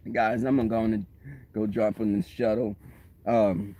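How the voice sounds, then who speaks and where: A man's voice: fairly low pitch, moderate pace. A man hosting a casual livestream, telling stories to his chat with lots of laughter. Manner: animated storytelling, laughs often, talks to the chat. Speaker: livestream host. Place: waiting for a shuttle, outdoors or in transit.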